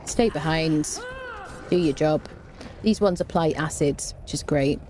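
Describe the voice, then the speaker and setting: Low mellow-voiced woman chatting thru a game stream, rambly and relaxed, faint hum behind her. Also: measured pace. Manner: chatty, rambling, repeats "there you go". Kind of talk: live gameplay commentary.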